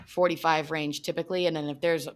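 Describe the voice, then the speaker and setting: A woman talks casually on a podcast with a slightly low voice. She is chatty and upbeat, and her talk is loose with fillers. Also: level tone, fast. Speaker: podcast guest. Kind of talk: casual chat.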